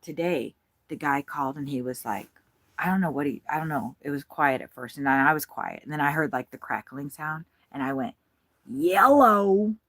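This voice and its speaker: She has a bass voice, a little fast and a bit bright, captured with no echo. An American bird-watching vlogger, she rambles casually about the birds visiting her feeders from her campground RV, laughing and swearing without restraint.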